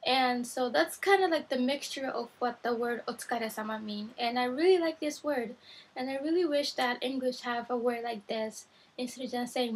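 A woman's voice: high-pitched, normal speed, slightly rough, low-quality recording. A woman vlogging from her bedroom at night, chatting eagerly and directly to her viewers while teaching Japanese words. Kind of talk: casual vlog talk to viewers.

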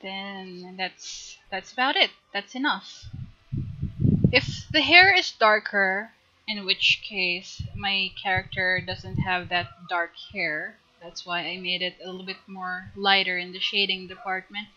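A woman teaching a live drawing tutorial on stream, chatty and giggly, gently coaching her viewers. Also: medium pitch, takes it slowly, dull audio.

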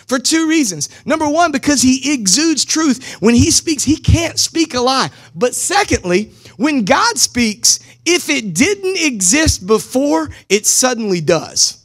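A man with a strikingly high speaking voice preaches a sermon in a loose, conversational way. He mixes casual slang with urgent calls to the congregation, pushing hard on his main points. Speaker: pastor. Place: church service streamed live.

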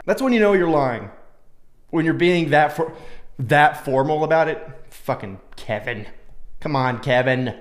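A man's voice: on the high side, expressive, a little slow. A man hosting a reaction video, joking crudely and sarcastically as he comments on clips. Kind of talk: casual commentary.

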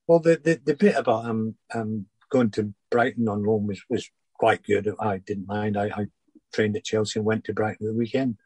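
An older former footballer, husky-voiced, recalling his career in a halting interview chat full of restarts. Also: on the low side, dark tone, dry recording, poor audio. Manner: halting, many restarts and repeated words.

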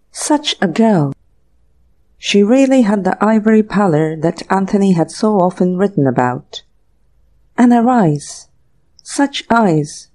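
Mellow, measured audiobook narrator. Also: mid-range voice. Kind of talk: scripted narration.

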